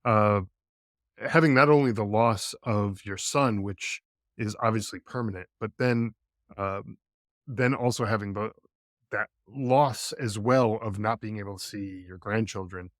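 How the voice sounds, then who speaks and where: A middle-aged man hosting a podcast interview, speaking in a measured, hesitant way with many fillers. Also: fairly low pitch, no room sound, studio quality. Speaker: podcast host. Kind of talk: conversational interview.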